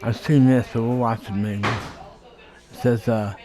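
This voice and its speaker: A man giving casual commentary on a video he is watching, talking conversationally and thinking aloud with hesitant pauses. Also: lowish voice, fairly even intonation, a little mellow.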